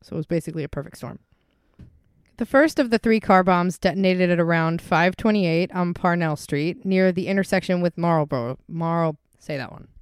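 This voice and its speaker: A woman's voice: lowish voice, normal speed, clear, resonant tone, no room sound, clean studio sound. A woman co-hosting a casual true-crime podcast, a bit congested, laughing easily and stumbling over unfamiliar place names. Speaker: podcast co-host.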